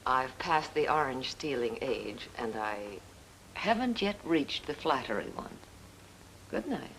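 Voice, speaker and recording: An actress playing a composed young woman asking for help, speaking in a polite, cool and measured 1940s film style. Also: rumbling low, animated, a bit bright, a little hiss or hum, full character voice, rough recording.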